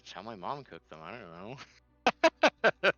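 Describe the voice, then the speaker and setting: A man's voice: fairly low pitch, wildly swooping pitch, slow, pushed and bright, lo-fi sound, soft background music, heavily acted. A man voicing a flustered human guard who mumbles apologies, in a tabletop game stream. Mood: sheepish.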